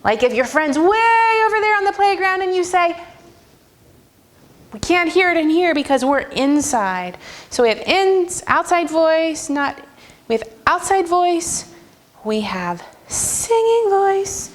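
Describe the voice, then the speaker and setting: A woman's voice: very high voice, sing-song, slow. A woman music teacher leading young children in a classroom with encouraging, sing-song call-and-response prompts. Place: school classroom.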